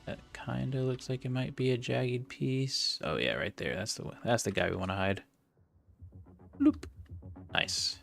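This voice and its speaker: A man's voice: medium pitch, unhurried, gravelly, fairly bright tone, faint music behind. A man casually narrating as he plays and edits a game, thinking aloud and talking himself through each step. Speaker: game modder and video creator. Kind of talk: casual commentary while playing and editing a game.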